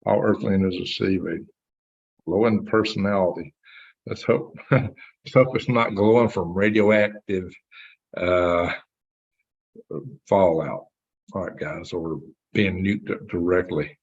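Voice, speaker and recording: A man's voice: low-pitched, slow pace, long pauses, slightly rough. A man hosting a live stream, rambling through commentary and reading chat messages aloud. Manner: rambling, reads chat aloud, chuckles at himself. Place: home computer setup. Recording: dull lo-fi stream audio.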